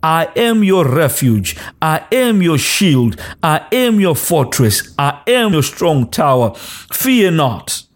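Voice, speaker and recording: A man's voice: on the high side, sing-song, slow, hardly any pauses. A man preaching a sermon, repeating short exhortations over and over and rising into a sung cadence. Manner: speaks in tongues between exhortations.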